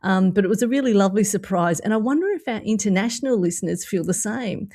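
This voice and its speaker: A woman's voice: medium pitch, animated, fast, mellow. A woman with an Australian accent hosting a podcast, chatting enthusiastically and laughing often. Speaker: podcast host. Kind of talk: casual chat.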